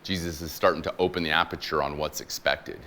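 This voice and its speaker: A man with a very low voice gives a sermon as a guest chaplain, retelling scripture stories in a loose, joking, conversational way. He drops in slang and acts out the people he quotes. A faint hiss sits under his voice. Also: fairly even intonation, fast talker, pushed and bright. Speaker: guest preacher, military chaplain.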